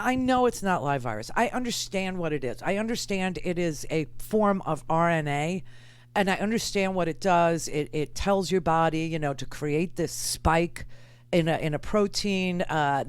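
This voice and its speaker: A woman's voice: low-pitched, clear, resonant tone, dry recording. An older woman hosting a political talk show, chatty and candid, often exasperated. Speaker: radio talk show host.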